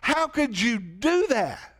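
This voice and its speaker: A man's voice: very high-pitched, sing-song, takes it slowly, a bit bright, pitched above the performer's own voice, heavily acted. A man voicing a stern, powerful king who settles debts, speaking in blunt commands. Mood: indignant.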